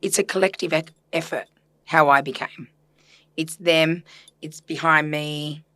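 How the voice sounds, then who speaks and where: A woman with a deep, slightly bright voice speaks at a measured pace with fairly even intonation, and there's no echo. A systemic therapist appearing as a podcast guest, she talks earnestly and reflectively in a casual conversation, chatty and full of filler words.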